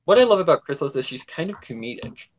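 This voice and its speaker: A man's voice: on the high side, big pitch swings, fast. A man hosting a casual livestream, rambling with enthusiasm about a cartoon as a devoted fan.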